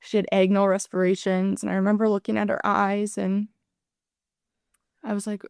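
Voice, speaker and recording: Smooth-voiced woman in her thirties, earnest. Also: medium pitch, flat delivery, dry recording, studio quality. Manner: earnest, halting retelling that acts out her own past words. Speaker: guest, ER nurse and paramedic. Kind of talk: podcast interview, personal account.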